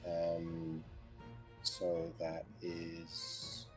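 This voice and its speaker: A man's voice: low voice, completely flat delivery, very slow, soft background music. A man playing a tabletop game, talking hesitantly with many ums. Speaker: player. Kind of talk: casual tabletop play.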